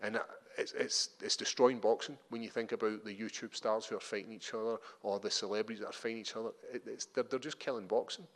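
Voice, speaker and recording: A man in his thirties with a Scottish accent, a fighter talking at a media day interview, chatty and animated, telling stories with lots of restarts. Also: on the low side, fast, few pauses, long reverb tail. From Scotland. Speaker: MMA fighter.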